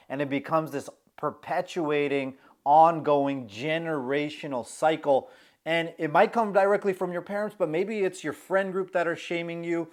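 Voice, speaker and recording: A young man giving an earnest self-help talk as a social anxiety coach, checking in often with the listener. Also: fairly high pitch. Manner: earnest, keeps checking in with the listener by asking "okay?"; shifts pace often, slowing to stress key points.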